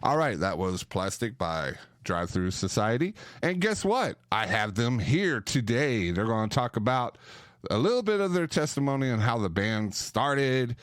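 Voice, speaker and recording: A man's voice: mid-range voice, very animated, normal speed. A man hosting a podcast, chatting with guests in a playful, joking way. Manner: jokey, playful. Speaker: podcast host. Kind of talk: lively casual chat.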